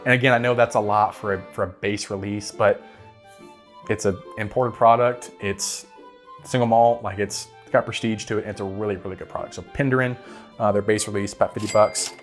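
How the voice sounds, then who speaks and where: A man with a lowish voice speaks briskly while hosting a whiskey channel, making casual bottle picks to camera. Relaxed, he repeats words and keeps asking "right?" over faint background guitar music.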